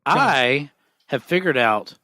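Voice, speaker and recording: Lively wisecracking man. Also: medium pitch, no room sound. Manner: wisecracking, quick jokes. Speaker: podcast co-host. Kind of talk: casual chat.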